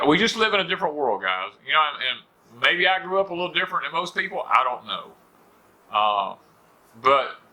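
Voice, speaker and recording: A man's voice: mid-range voice, bright, forceful tone. A middle-aged man with a Southern US accent, hosting a rambling, folksy porch talk for viewers and leaning on "you know" fillers. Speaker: homestead channel host. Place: on a porch at home.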